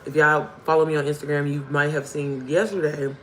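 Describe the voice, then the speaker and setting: A young woman with a hoarse voice, hosting a casual livestream and chatting directly to her viewers. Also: sits low, flat delivery, brisk, a little hiss or hum, low-quality recording. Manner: chatty, addresses viewers as y'all and baby. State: hoarse from screaming. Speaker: livestream host.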